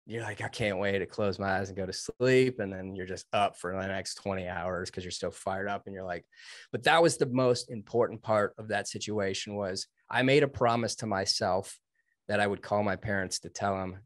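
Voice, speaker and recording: A man's voice: lowish voice, fairly even intonation, normal speed, no room sound, studio quality. A man in his thirties telling a personal story in an interview, earnest and emphatic. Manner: earnest, emphatic, quotes himself and others. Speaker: guest, Navy veteran.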